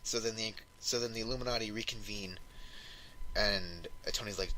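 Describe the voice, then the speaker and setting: A man's voice: deep voice, fast, bright, forceful tone, slight background noise, low-quality recording. A man co-hosting a podcast, casually retelling a comic story and acting out the characters' lines with lots of "like". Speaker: podcast co-host.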